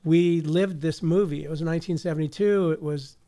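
A man's voice: on the high side, steady tone, normal speed, mellow. A man hosting a community radio show, chatting casually with easygoing, rambling asides into a studio microphone.

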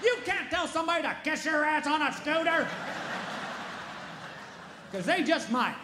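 A man tells self-mocking stand-up stories, high-pitched and full of swooping, animated inflection. He keeps chuckling at his own jokes. The room adds a roomy echo with a faint hum of ambience behind him. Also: normal speed. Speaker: stand-up comedian. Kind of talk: stand-up storytelling.

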